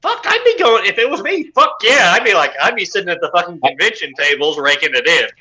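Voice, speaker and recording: Man, podcast co-host, casual chat, profane, very bright forceful voice, slightly high. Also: quick pace, low-quality recording. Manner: crude, profane and animated.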